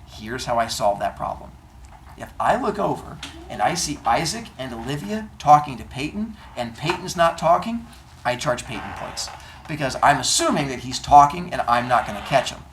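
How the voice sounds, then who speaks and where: Male teacher, mock-stern, deadpan jokes, swooping animated pitch, noisy classroom. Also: normal speed. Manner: playful, mock-stern, acts out students. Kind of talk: classroom talk with deadpan humor.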